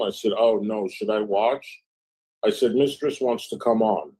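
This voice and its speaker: Husky man reading chat messages aloud. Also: mid-range voice, fairly even intonation, normal speed, warm tone, low-quality recording. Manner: reads messages aloud with frequent "I said, she goes" narration; casual, profane asides. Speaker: livestream host.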